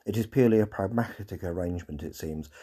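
A man narrates a scripted podcast recap, slipping in dry, sarcastic comments as he goes. His voice sits low and mellow, with a husky edge. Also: fast. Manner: dry, wry and sarcastic asides.

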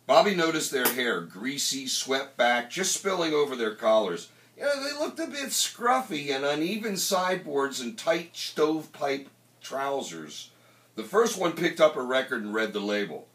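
A male author reading his own novel aloud in an animated, emphatic way. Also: mid-range voice, moderate pace. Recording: roomy, distant mic.

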